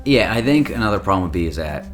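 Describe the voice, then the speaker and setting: A man's voice: low voice, big pitch swings, fast talker, soft background music. A man co-hosting a podcast, giving opinionated, reasoned takes in casual chat. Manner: opinionated, analytical, long reasoned turns. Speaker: podcast co-host.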